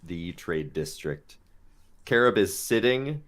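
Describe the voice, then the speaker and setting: A man's voice: sits low, sing-song, slow, a bit bright. A man narrating and teasing the players as dungeon master of a tabletop game, in a dry manner.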